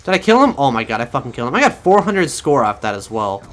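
A man giving profane, excitable commentary over his own gameplay and talking to his viewers. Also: medium pitch, fast talker, slight background noise. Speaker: gaming channel host.

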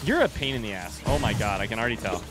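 A man hosting a gaming channel, giving excitable, swearing commentary as he plays. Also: fairly low pitch, quick pace. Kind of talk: live gameplay commentary. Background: game music.

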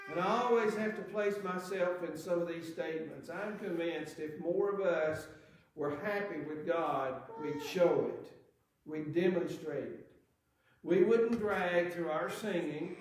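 Preacher, male, earnest sermon delivery, slightly high voice, very echoey church hall. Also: a little hiss or hum. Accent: Southern American. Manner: earnest, reads scripture aloud with rising emphasis.

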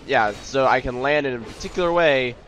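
A man's voice: medium pitch, brisk, a bit bright, slight background noise. A young man giving live commentary on a video game, exclaiming and joking about his own failures. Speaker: video game let's player.

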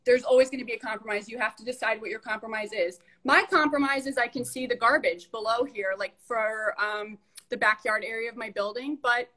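A woman's voice: on the high side, sharp tone, rough recording. A woman chatting casually while showing her apartment and giving practical advice. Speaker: apartment owner giving a home tour. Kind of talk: casual chat.

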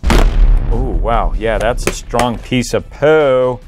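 A man's voice: mid-range voice, takes it slowly, background noise. A man hosting a toy unboxing review, joking playfully and chuckling as he talks. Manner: playful, jokey, chuckling often.

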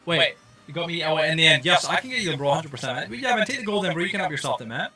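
A young man from Scotland with a softened Scottish accent, chatting casually and rambling with lots of fillers while streaming a game. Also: fairly high pitch, expressive, fast talker, music in the background. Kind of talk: casual livestream chat while playing.

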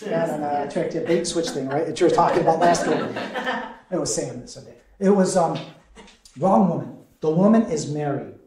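A man leading a conversational Bible study as a deacon, animated and quizzing his group with frequent chuckles. His voice is mellow and sits fairly high. It rings in an echoey parish meeting room. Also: fairly quick.

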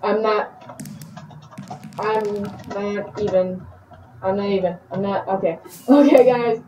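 A woman giving casual game commentary as a channel host. She gets excitable and repeats words in quick bursts. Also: mid-range voice, background noise. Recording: echoey, distant, muffled home recording.

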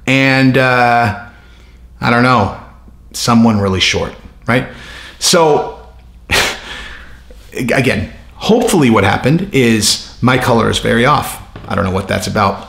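A man hosting a ranting commentary vlog about mixed martial arts, with animated, profane, sarcastic riffing. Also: mid-range voice, unhurried, vocal fry, roomy sound. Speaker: MMA commentator.

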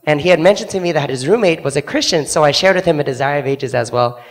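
A young man tells a church congregation his story in a fairly high voice with a gravelly edge. He speaks earnestly and acts out the people he quotes. He is recorded on a handheld microphone in a church sanctuary. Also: fast, big-room sound. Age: young adult. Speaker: student literature evangelist.

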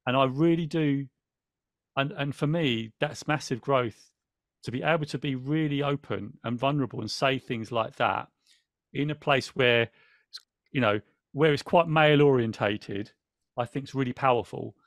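A man hosts a podcast in a relaxed, rambling way, often restarting his sentences. His voice sits at a middling pitch, recorded close and dry with no room sound. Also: normal speed, no echo. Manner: chatty, rambling, restarts often, thanks viewers. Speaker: podcast host. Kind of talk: casual podcast chat, reading aloud from a book.

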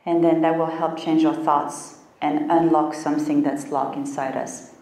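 Woman coach telling a story, low-ish voice, kinda far off in a roomy echoey space. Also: normal speed. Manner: storytelling, animated, acts out her inner voice. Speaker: health coach. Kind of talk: motivational talk.

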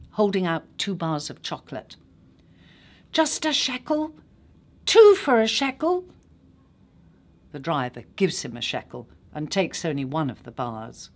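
An actress reading a literary short story aloud in a measured, unhurried way. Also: female voice, fairly low pitch.

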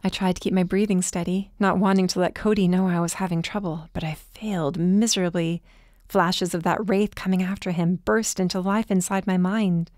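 A woman narrating a first-person audiobook in a measured, even way. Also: fairly low pitch, no echo, studio quality.

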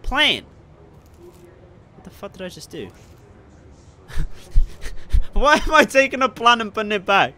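A young man commentating his gameplay casually, excitable, often swearing and yelling at enemies. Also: sits high, unhurried, pauses often, slight background noise. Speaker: gameplay streamer.

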